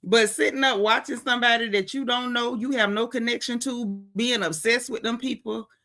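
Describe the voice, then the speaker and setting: A woman with an African American English accent hosting a gossip commentary stream, talking in a sassy, indignant, animated way. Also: on the high side, moderate pace. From United States. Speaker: gossip show host. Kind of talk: casual commentary livestream.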